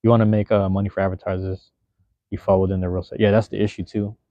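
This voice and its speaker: A young man in his twenties hosts a livestream from a room at home, reading viewer comments and chatting loosely in rambling, profane slang. His voice is lowish and flat, and he talks at a quick pace. The recording is dry and muffled.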